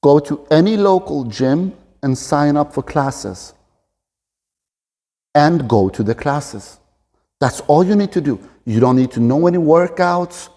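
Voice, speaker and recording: A man's voice: on the high side, animated, measured pace, warm tone. A man in his forties giving an earnest, encouraging motivational talk to camera as a fitness coach. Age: 40s. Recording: long reverb of a large room.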